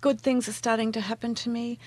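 This transformational coach, appearing as a guest in a casual interview, has a slightly high, level voice and talks fast. She shares warm, earnest stories punctuated by frequent laughter, over slight background noise.

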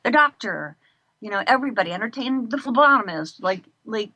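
A middle-aged woman talking in a casual interview, an animated and expressive storyteller. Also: on the high side, fairly quick, no echo. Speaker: guest.

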